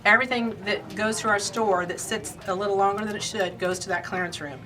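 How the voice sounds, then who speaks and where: A woman's voice: medium pitch, a little fast, crowd noise. A woman from Indiana hosting a casual shop update, chatty and rambling, laughing easily. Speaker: quilt shop owner and host.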